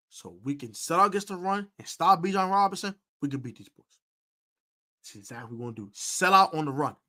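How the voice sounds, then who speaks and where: A fairly high-pitched man with a bright, forceful voice hosts a live football preview stream. He talks in an animated, emphatic way, repeating points for stress and filling gaps with ums and uhs. His delivery is loose, unscripted chat. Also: a little fast. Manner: emphatic, animated sports talk with fillers and repeats. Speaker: sports podcast host.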